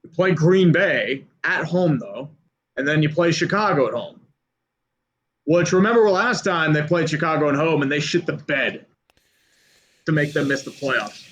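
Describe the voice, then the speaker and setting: A man's voice: a little high, animated, normal speed, fairly bright tone. A man co-hosting a sports livestream, laid-back and chatty in casual talk about teams. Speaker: stream co-host.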